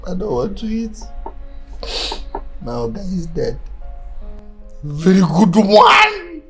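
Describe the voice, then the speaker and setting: A man's voice: high voice, wildly swooping pitch, slow, a bit bright, faint music behind, exaggerated voice. A man with a Nigerian accent playing a distraught young man who wails, sobs and laughs in grief over his friend. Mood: grief-stricken. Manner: wailing, swings between sobs and laughs. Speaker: grieving friend refusing food. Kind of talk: Nollywood film acting.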